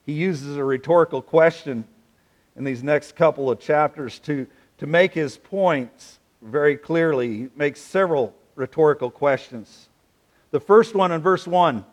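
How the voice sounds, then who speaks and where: A man preaching a sermon, playful and animated, drawing answers from his congregation. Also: a little high, a little slow. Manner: animated, playful, asks the audience questions. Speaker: pastor.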